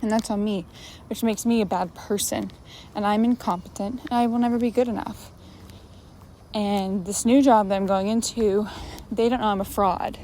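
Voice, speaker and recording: A woman in her twenties vlogs in a casual, rambling, anxious way, often poking fun at herself while she moves around her room at home working out. Her mid-range voice is steady and mellow at a normal speed. She's recorded on a phone camera, sometimes from across the room, so the sound is distant and echoey with faint noise.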